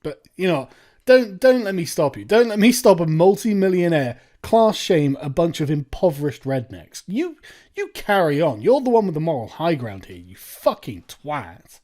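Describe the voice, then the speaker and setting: Male commentary host, scornful and sweary, voice swinging widely in pitch. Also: very animated, normal speed, mellow. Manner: sarcastic, profane ranting. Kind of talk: reaction commentary.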